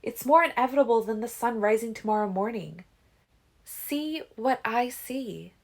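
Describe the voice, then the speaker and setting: A woman's voice: fairly high pitch, moderate pace, creaky, voice pushed up. A woman doing a perky, insistent teen vampire seer.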